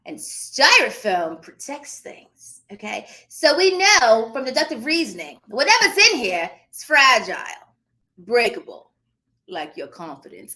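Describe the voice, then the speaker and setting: A woman's voice: a little high, very animated, unhurried, pushed and bright. A woman hosting a casual live stream and coaching her audience. She is hyper and playful, calls everyone darling, and slips into a playful posh put-on accent. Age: adult with children. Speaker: host and notary business coach.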